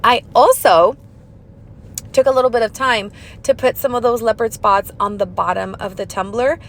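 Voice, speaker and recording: A young woman hosting a crafting tutorial in a chatty voiceover, talking fast and bubbly with silly sing-song asides. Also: fairly high pitch, a little hiss or hum.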